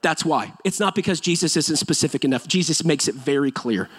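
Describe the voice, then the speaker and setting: A man's voice: a little high, animated, fairly quick, breathy edge. A man preaching a sermon in a church, emphatic and conversational, with touches of humor. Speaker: pastor. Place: church sanctuary.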